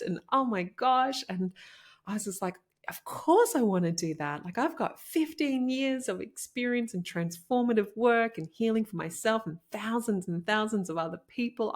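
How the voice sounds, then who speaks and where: A middle-aged woman hosting a motivational solo podcast, talking in an effusive, animated way with many "like"s and "oh my gosh"es. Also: medium pitch. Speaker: podcast host and coach.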